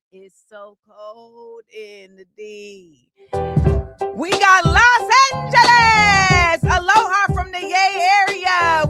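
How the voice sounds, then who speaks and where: A woman hosting a casual livestream talk show, talking in an animated, sing-song way and reading out viewers' shout-outs. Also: extremely high pitch. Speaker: host. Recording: music playing behind the voice. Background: music.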